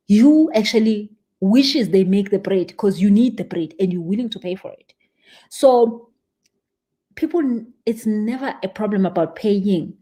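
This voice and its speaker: A young woman coaching a live-stream audience, animated and emphatic, stressing points by repeating words. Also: medium pitch, measured pace. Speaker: spiritual business coach.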